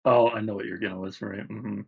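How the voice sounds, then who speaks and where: A man's voice: on the low side, steady tone, fast talker, gravelly, slightly rough. A man playing a tabletop game in character, quizzical and asking pointed questions.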